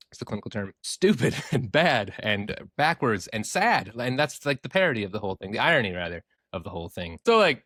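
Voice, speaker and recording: A man's voice: medium pitch, fairly bright tone, no echo, studio quality. A man co-hosting a podcast, explaining things in a rambling, jokey way with some swearing. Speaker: podcast co-host. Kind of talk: casual chat, explaining.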